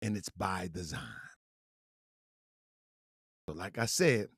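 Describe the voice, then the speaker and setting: A man hosting an online commentary channel, preaching in a fiery, repetitive way that swings from shouting to quiet, laughing apologies. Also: deep voice, lively intonation, slow pace, husky, no echo, studio quality. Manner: preachy, repetitive calls and answers. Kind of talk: fiery talking-head rant.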